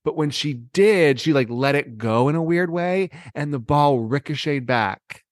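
A man co-hosting a casual chat, telling a story excitedly with many fillers and restarts. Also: fairly high pitch, measured pace, no room sound, studio quality.

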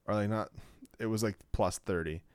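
A man with a very low voice chatting casually as a co-host. He rambles, restarts his sentences and leans on filler words. The sound is dry and close. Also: moderate pace, dry recording. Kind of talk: casual chat.

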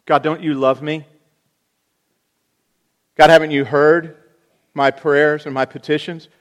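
A male pastor voicing an indignant churchgoer man who loudly pleads with God and lists his good deeds, speaking in a middle-pitched voice. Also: expressive, very slow. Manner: loud, pleading, aggrieved.

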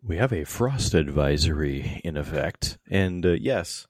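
A man's voice: a bass voice, animated, unhurried, darkish tone, breathy edge, dry recording, clean studio sound. A middle-aged radio DJ and weatherman, a man, guesting on a podcast in a playful, jokey way. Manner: playful, jokey, breaks into mock voices. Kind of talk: casual podcast chat.

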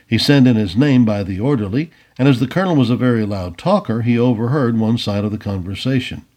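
A man narrating an old adventure story aloud in an expressive storybook reading. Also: medium pitch, fairly quick. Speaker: audiobook reader.

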